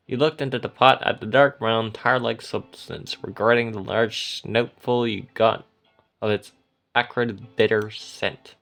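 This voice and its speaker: A man giving soft, gentle and unhurried second-person story narration. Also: lowish voice, fairly even intonation, gravelly, soft background music.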